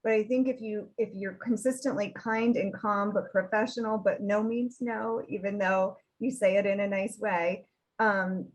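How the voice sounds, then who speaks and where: A woman's voice: medium pitch, rough recording. A woman attorney speaking on a panel over a video call, talking earnestly with frequent restarts.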